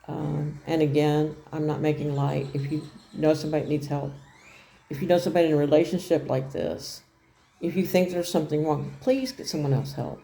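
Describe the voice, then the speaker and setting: A woman's voice: sits low, fairly even intonation, a little fast, gravelly, warm tone. A middle-aged woman telling a personal story on her vlog in a plain-spoken, rambling way, often repeating herself. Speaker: vlogger.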